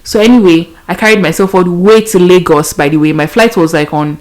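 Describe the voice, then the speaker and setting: A woman's voice: fairly low pitch, fairly quick. A young Nigerian woman hosting a podcast, telling a story casually and animatedly, laughing often and mixing in pidgin. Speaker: podcast host.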